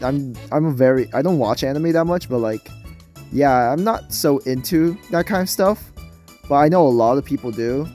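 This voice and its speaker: A man's voice: mid-range voice, darkish tone. A young man with a nasal voice talking casually about a mobile game he plays, hesitant and rambling, with many fillers and restarts. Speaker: gaming video creator. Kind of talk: casual gameplay commentary.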